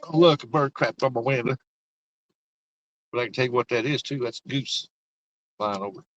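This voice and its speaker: A man's voice: mid-range voice, normal speed, no echo, highs cut off. An older man, chatting casually on a livestream while he drives on icy roads, teasing his passengers and talking to his chat. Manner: folksy, rambling, teasing, talks to chat and passengers. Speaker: livestream host. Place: inside a car on icy roads.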